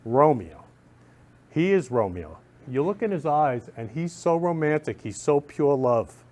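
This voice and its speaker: A man's voice: a little high, very animated, measured pace, darkish tone. A man hosting a talk show in a studio, effusive and repetitive, constantly telling guests he loves them.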